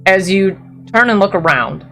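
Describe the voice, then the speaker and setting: A woman's voice: mid-range voice, lively intonation, normal speed, fairly bright tone, faint music behind. A woman narrating a tabletop role-playing game as game master, describing scenes in detail with brief apologetic asides.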